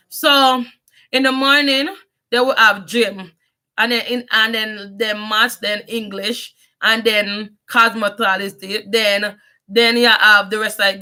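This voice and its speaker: A young Jamaican woman with a strong accent tells her life story in a loose, wandering vlog, slipping into patois and frequently starting her sentences over. Her voice sits on the high side and sounds bright and pushed.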